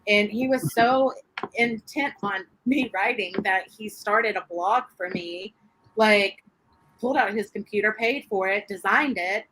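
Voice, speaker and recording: A woman, a guest sharing her faith testimony in an interview, animated and quick to laugh as she acts out what people said. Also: medium pitch, a little hiss or hum, low-quality recording. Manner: animated storyteller, laughs often, acts out quotes.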